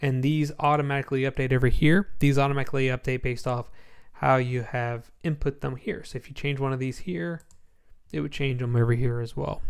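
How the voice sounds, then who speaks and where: A man giving a casual screen-share walkthrough of a spreadsheet template, sleepy and yawning, relaxed and rambling with many ums. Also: medium pitch, smooth.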